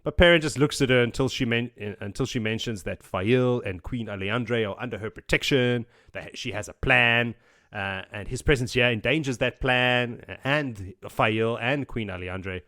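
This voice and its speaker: Excitable male host, casual swearing recap, bright forceful voice, mid pitch. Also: normal speed. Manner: swearing, laughing, excitable retelling. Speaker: podcast host.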